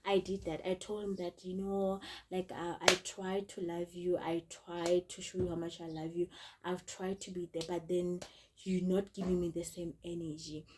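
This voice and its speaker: A woman's voice: lowish voice, little pitch movement, moderate pace, noisy background. A young woman, telling a storytime vlog in a chatty way, repeating herself and often calling out to her viewers. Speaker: vlogger.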